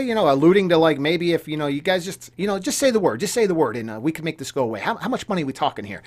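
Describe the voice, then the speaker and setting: Young man, casual commentary rant, heated, repetitive, stammering, animated pitch. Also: fast talker, few pauses. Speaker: gaming YouTuber commentator.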